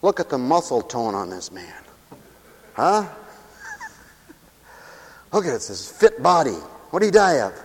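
A man's voice: fairly high pitch, big pitch swings, measured pace, pauses often, slightly rough. A man preaching a humorous sermon in a theatrical way, laughing at his own jokes, in a hall with long reverb.

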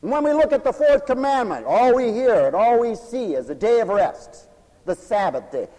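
High-voiced, animated male preacher. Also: moderate pace, long reverb tail, rough recording. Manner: folksy, animated preaching with quips. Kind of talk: radio sermon.

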